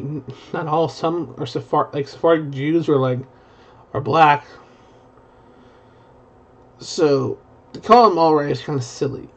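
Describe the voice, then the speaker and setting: A young man rambling in a profane live-stream commentary, full of restarts. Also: a little high. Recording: dull lo-fi stream audio.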